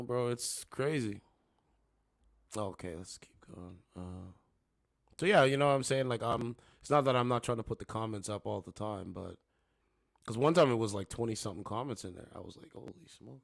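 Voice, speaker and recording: This livestream host has a lowish voice with vocal fry and chats casually from a home studio with two monitors, rambling and frequently saying "you know what I'm saying." The audio carries no room sound.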